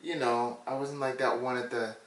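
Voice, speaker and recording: Measured male co-host, hesitant delivery, roomy echo, distant mic. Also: medium pitch, fairly even intonation. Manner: measured, hesitant, asks questions. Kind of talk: casual conversation. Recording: echoey room, a little off-mic.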